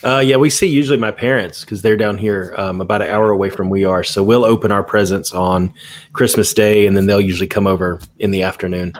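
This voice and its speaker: A man's voice: lowish voice, fairly even intonation, a little fast. An American man co-hosting a casual chat, easygoing, answering briefly. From United States.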